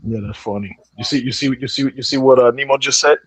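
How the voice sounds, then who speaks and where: A man's voice: medium pitch, quick pace, a bit bright, poor audio. A man co-hosting a casual chat, laughing and greeting viewers by name.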